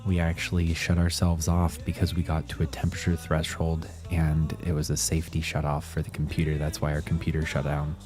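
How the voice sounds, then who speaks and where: Low-voiced guy streaming games from home, chill and chatty, guitar music playing under him. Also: completely flat delivery, fairly quick, few pauses. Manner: laid-back, chatty, greets viewers by name. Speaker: gaming livestream host. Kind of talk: casual live stream chat. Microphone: desk mic, moved close.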